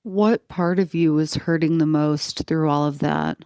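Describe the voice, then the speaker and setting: A woman hosting an interview, asking soft, supportive questions. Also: low-pitched, fairly even intonation, a little slow, clean tone. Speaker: interview host.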